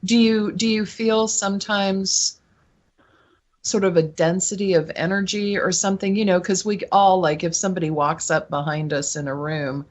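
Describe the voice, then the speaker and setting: A woman's voice: mid-range voice, fairly even intonation, normal speed. A woman hosting an interview show, talking casually and asking long, searching questions that wander as she goes. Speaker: host, medium.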